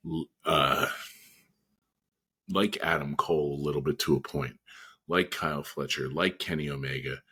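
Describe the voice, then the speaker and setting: A man's voice: a bass voice, normal speed, long pauses, pushed and bright, breathy edge. A man co-hosting a podcast in casual chat, blunt and colloquial. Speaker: podcast co-host.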